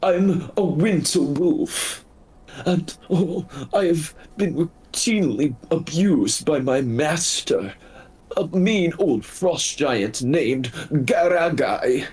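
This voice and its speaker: A man's voice: on the high side, lively intonation, slow pace, darkish tone, slightly rough, voice pushed up, exaggerated voice. A man voicing a pitiful, sly male winter wolf who whimpers and pleads in an over-polite way. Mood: pleading.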